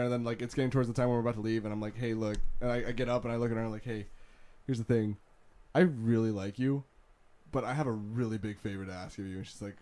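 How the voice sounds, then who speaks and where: A man's voice: medium pitch, a little mellow. A young man telling a story in casual chat, rambling with many restarts and fillers and laughing often. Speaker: podcast host.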